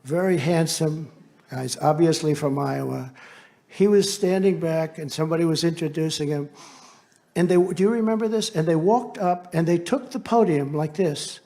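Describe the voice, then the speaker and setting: A man's voice: a little high, moderate pace, creaky, warm tone. A man who is a political candidate, giving a campaign rally speech in a rambling, boastful way with asides to the crowd.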